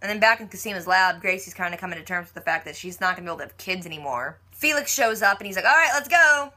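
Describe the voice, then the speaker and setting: A woman with a lowish, sharp-toned voice races animatedly through a very fast, chatty TV episode recap. She leans heavily on "like" and throws in playful mock quotes from the characters.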